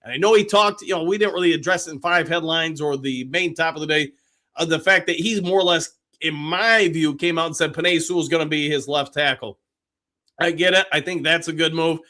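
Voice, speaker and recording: A man's voice: fairly high pitch, a little fast, bright, forceful tone. A man hosting a live sports podcast, chatting casually and reading viewer comments aloud with upbeat cheers.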